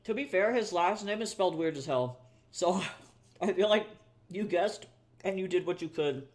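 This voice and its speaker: Reading chat while he streams his art live, this young man chats with viewers in a relaxed, self-mocking way, cursing often and quick to laugh. His voice sits high, with lively intonation and a moderate pace.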